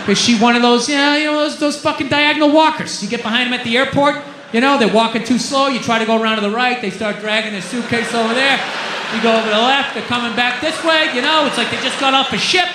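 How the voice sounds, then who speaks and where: A man performing a stand-up comedy routine, ranting and swearing, jumping from muttering asides to shouted outbursts. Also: very high-pitched, background noise. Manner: loud, ranting, profane, swings between shouting and muttering. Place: comedy club stage. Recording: echoey live club room.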